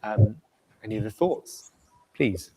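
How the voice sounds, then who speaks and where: A man gives a live software demo at a meetup. He talks casually as he clicks through and asks the room for thoughts. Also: on the low side, takes it slowly, slight background noise, low-quality recording. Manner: relaxed and chatty, asks the room questions. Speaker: presenter at a community meetup. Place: meeting room in front of an audience.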